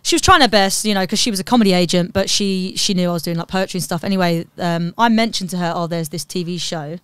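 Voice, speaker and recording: Blunt woman, smooth dry voice. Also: lowish voice, quick pace, no echo. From Uxbridge, England. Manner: blunt, swears freely, acts out both sides of a dialogue. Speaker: comedian and poet guest. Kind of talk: casual podcast storytelling.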